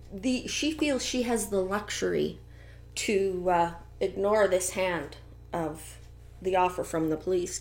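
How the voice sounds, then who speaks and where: A middle-aged woman giving a chatty, gossipy tarot reading with animated asides. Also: fairly low pitch. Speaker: tarot reader. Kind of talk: casual tarot reading commentary.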